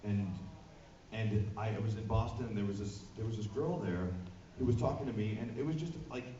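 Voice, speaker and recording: A man, a voice actor, telling an animated anecdote at a convention panel, acting out voices, recorded from far off. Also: lowish voice, a little fast. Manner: animated storyteller, acts out voices. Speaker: voice actor guest. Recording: echoey hall, distant muffled mic, noisy. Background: audience laughter, room noise.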